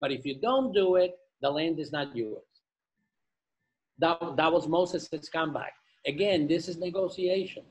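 A man's voice: fairly high pitch, poor audio. A man reading a scripture passage aloud to a study group, stumbling over names and adding joking asides. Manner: reads slowly, stumbles over names, adds jokey asides.

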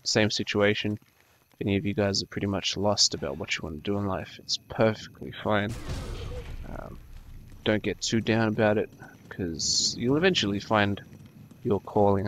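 With a fairly low, slightly bright voice and a little hiss or hum on the recording, a 22-year-old New Zealander with an Australian accent chats about himself while gaming for YouTube. He rambles hesitantly, restarting often and saying um a lot.

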